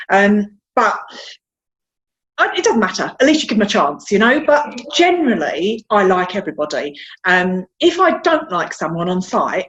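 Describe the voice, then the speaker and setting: A talkative woman with a broad South London accent, speaking candidly in an interview. Her voice sits at a middling pitch, and she repeats herself for emphasis. The recording sounds a little dull and muffled. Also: big pitch swings, normal speed, fairly bright tone. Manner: chatty, frank, self-deprecating, repeats words. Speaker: guest.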